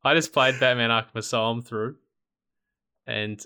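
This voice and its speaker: A man's voice: mid-range voice, moderate pace, sharp tone, clean tone. A man co-hosting a podcast in casual chat, joking and mock-indignant, laughing easily. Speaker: podcast co-host.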